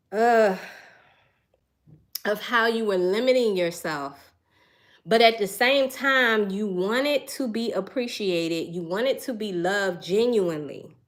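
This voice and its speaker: A woman's voice: a little high, fairly bright tone. A young woman reads tarot cards for her viewers in a musing, searching way. She sighs often and restarts her sentences as she looks for the right words. Her tone stays earnest and emotional. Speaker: tarot reader. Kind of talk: intuitive tarot reading.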